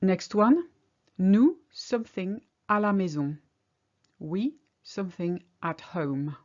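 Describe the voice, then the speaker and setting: A woman's voice: mid-range voice, animated, takes it slowly, darkish tone, lo-fi sound. A woman teaching a language lesson, patiently explaining each example step by step. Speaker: French teacher.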